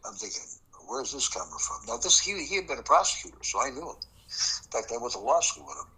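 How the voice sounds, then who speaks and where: A man's voice: mid-range voice, expressive, fairly quick, sharp tone, husky, low-quality recording. An older man, a former prosecutor recounting a case in an interview, emphatic and acting out the dialogue. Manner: emphatic, acts out quoted dialogue. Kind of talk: storytelling interview.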